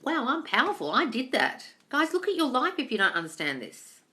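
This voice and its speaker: A woman answering live-stream questions in a bright, forceful voice. She is blunt and swears freely, reads viewers' comments aloud, and calls everyone darling. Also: high voice, wildly swooping pitch, brisk. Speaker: manifestation coach answering live chat questions.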